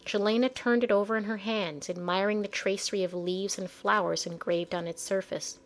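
A woman reading a storybook chapter aloud in an expressive, measured way. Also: mid-range voice. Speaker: audiobook narrator. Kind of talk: storybook narration.

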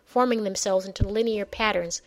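A woman narrating a fantasy audiobook in a measured, even storytelling manner. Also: medium pitch.

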